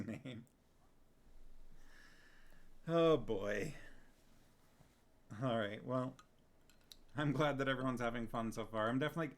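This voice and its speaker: A man's voice: medium pitch, creaky. A man streaming a book reading, casually chatting with his viewers, laughing often and reading their comments aloud.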